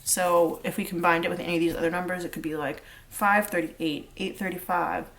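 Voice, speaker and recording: A woman's voice: on the low side, level tone, brisk, fairly bright tone. A woman giving a casual pick-a-card tarot reading, chatty and rambling with lots of fillers. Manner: chatty and rambling, many fillers, sings snatches of lyrics. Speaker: tarot reader.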